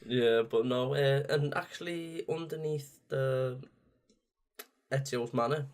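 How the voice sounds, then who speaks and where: Young man, chatty co-host, laughs a lot, mid-pitched, casual game talk. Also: slow pace, darkish tone. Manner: chatty, laughs often, jumps in mid-sentence. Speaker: podcast co-host. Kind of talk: casual chat about video games.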